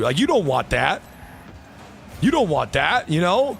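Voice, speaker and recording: Brief: young male streamer, a bit high-pitched, frustrated ranting, heavy swearing. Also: big pitch swings, a little slow, creaky, fairly bright tone, slight background noise. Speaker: game streamer. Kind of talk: live gameplay stream chat.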